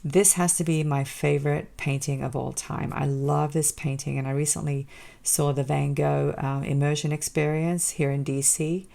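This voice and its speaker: A woman's voice: sits low, little pitch movement, normal speed, creaky, warm tone. A woman hosting a casual unboxing vlog, gushing with enthusiasm and calling her viewers "guys" as she shows each item. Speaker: jewelry designer and channel host.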